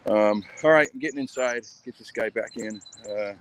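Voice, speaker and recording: A man's voice: mid-range voice, normal speed, few pauses, a little hiss or hum. A man casually chatting on a live stream while walking his dog outdoors, rambling with lots of ums and uhs. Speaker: channel host.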